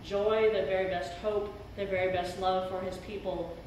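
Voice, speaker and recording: A woman's voice: medium pitch, flat delivery, normal speed, darkish tone, slight background noise. A middle-aged woman pastor preaching an earnest, emphatic sermon in a church sanctuary. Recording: very echoey church hall, speaker far from mic.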